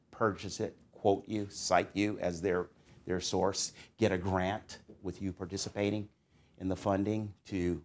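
In a recorded lecture to doctoral students, a middle-aged psychology professor speaks in a low voice, conversational and musing, with swings of emphasis.

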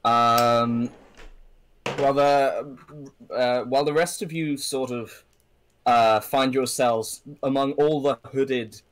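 A man narrating as game master of a tabletop game, halting and full of ums and restarts. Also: medium pitch, fairly even intonation.

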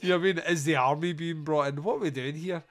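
A man's voice: a little high, quick pace, soft background music. A man hosting a casual comedic podcast, retelling film scenes with sarcastic, sweary asides. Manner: sarcastic, sweary, animated storytelling. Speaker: podcast host reviewing a film.

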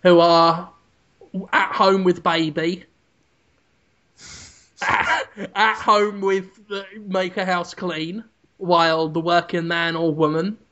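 A man from the UK co-hosting a comedy podcast in a slow, bright voice. He rambles and loses his words as he builds a joke. The recording is a bit dull and lo-fi. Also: high voice. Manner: rambling, meandering storytelling. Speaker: podcast co-host. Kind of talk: casual comedy podcast chat.

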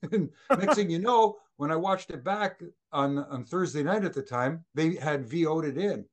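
A middle-aged former wrestling referee, a guest in a casual interview, tells backstage stories at a measured pace. He's pretty animated and jumps his voice up high whenever he acts out what someone said.

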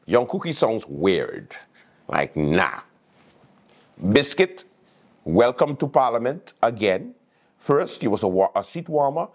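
A man's voice: mid-range voice, big pitch swings, slow, pauses often. A man hosting a late-night show, teasing people in a comic monologue. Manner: teasing, joking.

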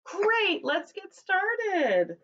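A woman's voice: very high voice, huge pitch swings, very slow, pushed and bright, lo-fi sound. A woman preschool teacher reading a picture book aloud to young children, with a cheerful sing-song voice that leads call-and-response chants.

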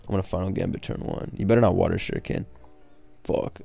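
Young male streamer, low gravelly voice, laid-back trash talk, faint music behind. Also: steady tone, quick pace, mellow. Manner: laid-back, swearing, laughing, trash-talking. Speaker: gaming streamer. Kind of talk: casual live commentary over gameplay.

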